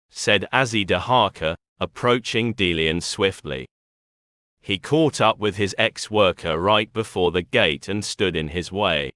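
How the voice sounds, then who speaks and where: A man narrating an audiobook in a steady, measured reading. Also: sits low, no room sound, clean studio sound. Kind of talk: scripted narration.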